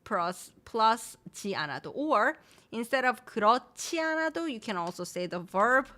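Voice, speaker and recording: A woman's voice: on the high side, very animated, fast, pushed and bright. A woman teaching phrases in a live stream, mixing English explanations with examples and reading out viewer names. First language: Korean. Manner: mixes English and Korean, repeats example phrases; reads viewer names and comments aloud. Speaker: Korean language teacher. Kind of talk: live-streamed language lesson.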